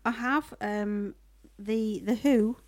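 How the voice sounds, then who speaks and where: A woman co-hosting a podcast in casual chat, speaking low with a lingering cough and gushing over recommendations. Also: slow pace. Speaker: podcast co-host.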